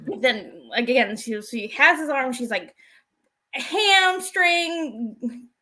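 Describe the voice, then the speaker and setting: A woman's voice: high voice, expressive, takes it slowly, pushed and bright. A woman co-hosting a casual recap chat, retelling scenes with animation and acting out the lines. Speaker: podcast co-host.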